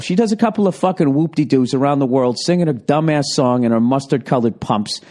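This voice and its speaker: A man hosts his podcast from home, delivering a swear-heavy, sarcastic, rambling comedic rant into a handheld digital recorder. His mellow, medium-pitched voice moves fairly quickly with lively intonation and few pauses.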